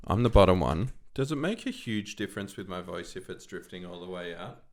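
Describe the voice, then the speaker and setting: A man in his thirties, co-hosting a casual podcast chat, joking and excitable. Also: low-pitched, a little fast. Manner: joking, excitable, breaks into loud laughter. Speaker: podcast co-host.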